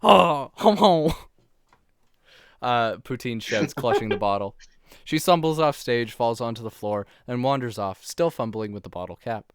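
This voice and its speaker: A man's voice: medium pitch, moderate pace, smooth, no room sound. A man streaming a text adventure, narrating scenes playfully with frequent laughs and hesitant fillers.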